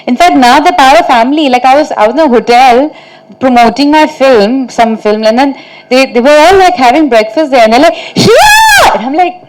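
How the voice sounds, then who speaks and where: An actress fields reporters' questions at a press meet, telling stories chattily, laughing through funny anecdotes, and saying "like" and "you know" a lot. Her voice is high-pitched, darkish, and a little fast. The low-quality recording carries a little hiss or hum.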